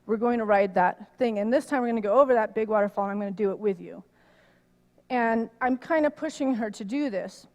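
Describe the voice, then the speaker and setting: A middle-aged woman giving a conversational sermon, telling a personal story in an animated way that rises loud when she gets worked up. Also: mid-range voice, a little fast, muffled recording. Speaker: minister. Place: church sanctuary. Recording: long reverb of a hall.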